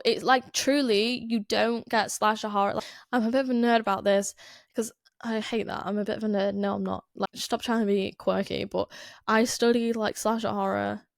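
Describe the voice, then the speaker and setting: A young woman with a Northern English accent chats away on her podcast, rambling and restarting her sentences, with lots of "like" fillers. Her voice sits at an ordinary middle pitch. It is recorded close and dry, with no room sound. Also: gravelly, no room sound. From Northern England. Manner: chatty, rambling, many "like" fillers, self-interrupting. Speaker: podcast host. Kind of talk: casual chat.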